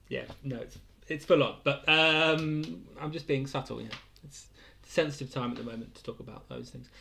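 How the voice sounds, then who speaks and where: A man's voice: medium pitch, gravelly, fairly bright tone. A young man casually hosting a weekly livestream quiz, rambling between questions and chuckling often. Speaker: quiz host.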